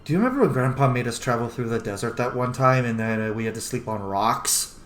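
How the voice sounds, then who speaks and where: A man's voice: mid-range voice, animated, fast, slight background noise, close to an everyday voice. A man doing an eager young fox tinkerer. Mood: remorseful. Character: excitable young male fox tinkerer, guilt-ridden. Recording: roomy echo.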